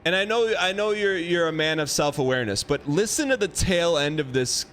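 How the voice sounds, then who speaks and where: A man's voice: a little high, animated, brisk, a bit bright. Rambling, playful male game streamer. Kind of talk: casual live-stream chat.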